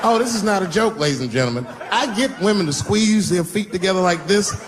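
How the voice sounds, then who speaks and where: A man performing a stand-up comedy set, telling a profane story with animated delivery and sudden jumps in his voice. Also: high-pitched, fairly quick, heavy background noise.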